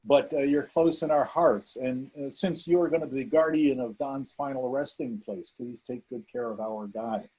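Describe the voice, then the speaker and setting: A man's voice: mid-range voice, normal speed, few pauses, dark tone, breathy edge, low-quality recording. A man hosting an online memorial event over a video call, introducing speakers in a rambling way with many fillers. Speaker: event host.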